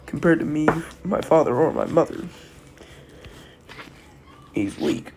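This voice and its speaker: A man's voice: a little high, very animated, takes it slowly, gravelly, heavy background noise, exaggerated voice. A man voicing a confident young male student who is secretly a dragon, in a casual, matter-of-fact way.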